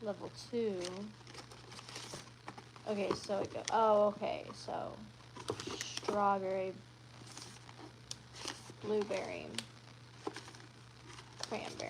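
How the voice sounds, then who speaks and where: A woman's voice: mid-range voice, steady tone, takes it slowly, pauses often, background noise. Chatty woman livestreaming, rambling. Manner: chatty and rambling, with frequent ums and self-corrections. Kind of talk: casual live-stream chat.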